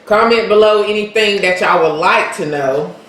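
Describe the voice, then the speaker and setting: A woman's voice: mid-range voice, moderate pace, a bit bright. A woman co-hosting a casual eating vlog, chatting and talking straight to her viewers. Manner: chatty, addresses viewers directly. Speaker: vlog co-host. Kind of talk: casual mukbang chat. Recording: very echoey room, faint background noise.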